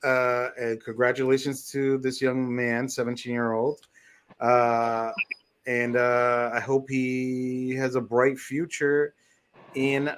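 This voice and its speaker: A man's voice: medium pitch, fairly bright tone, clear, resonant tone. Laid-back joking man. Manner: laid-back, joking, reads a closing quote. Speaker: podcast co-host. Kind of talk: casual chat.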